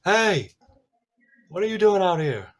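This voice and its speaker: A man's voice: fairly high pitch, brisk, a bit bright, voice pushed up. A man voicing a frantic adventurer who speaks urgently and dodges questions in a tabletop game. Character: frantic young adventurer fleeing danger.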